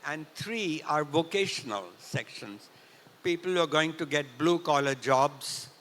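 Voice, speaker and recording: An older man from Punjab tells a story at a festival talk, often clearing his throat. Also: fairly high pitch, a bit bright, slight background noise. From India, Punjab. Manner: clears throat often, unhurried anecdotal retelling. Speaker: festival speaker. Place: large hall at a literature festival. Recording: reverberant hall.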